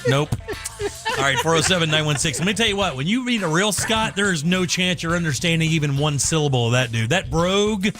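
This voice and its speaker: A man's voice: a little high, lively intonation, fast talker. A man hosting a casual radio talk show in a loose, rambling, enthusiastic way. He is from the United States. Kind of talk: casual chat.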